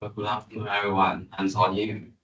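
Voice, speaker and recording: A male student from China introduces himself hesitantly, in a very low, flat, bright voice. He is far from the mic in an echoey classroom. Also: brisk, muffled recording. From Henan, China.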